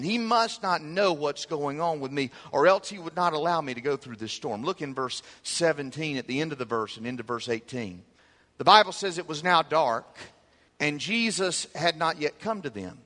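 High-voiced, bright male pastor preaching. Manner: emphatic preaching that swings between loud peaks and soft low asides. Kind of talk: sermon. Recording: hall reverb.

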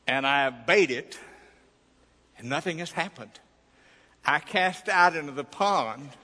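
A man's voice: a little high, pushed and bright, big-room sound. A man preaching a sermon, telling a personal story in a folksy way and acting out its dialogue. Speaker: pastor.

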